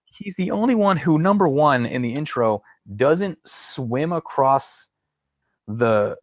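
A man's voice: on the high side, lively intonation, slow pace, dry recording. A man co-hosting a podcast in casual chat, rambling, restarting his sentences and chuckling often. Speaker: podcast co-host.

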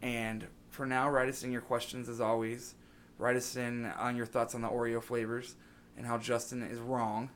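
Chill young dude hosting a podcast, loose and jokey, bit of hiss behind him. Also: male voice, mid-range voice, level tone, normal speed, fairly bright tone. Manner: laid-back, joking, rambling sign-off. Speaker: podcast host. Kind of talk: casual podcast chat.

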